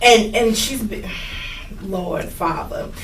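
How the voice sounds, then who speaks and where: Woman talk host, playful, teasing, bright, roomy room. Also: medium pitch, slow pace. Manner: playful, teasing, laughs often. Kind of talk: casual panel talk show. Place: studio room with guests at a table. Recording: roomy, distant mic with faint noise.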